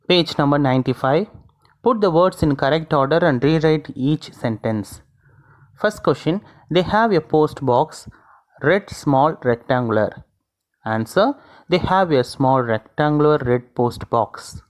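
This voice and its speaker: Slow, deliberate Indian English teacher. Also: mid-range voice. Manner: slow, deliberate dictation of questions and answers. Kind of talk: reading out textbook exercise answers.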